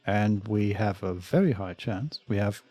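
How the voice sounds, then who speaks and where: Husky dark-voiced man playing a game. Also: lowish voice, measured pace. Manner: methodical, reads out game stats. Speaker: co-host of a let's play. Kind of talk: casual gaming chat.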